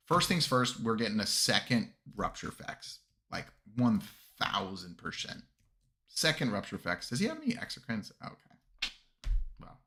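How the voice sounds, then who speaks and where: A man's voice: on the low side, fairly bright tone. A man chatting casually on a livestream as host, rambling with many fillers and restarts, and chuckling often. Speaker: streamer reviewing army lists.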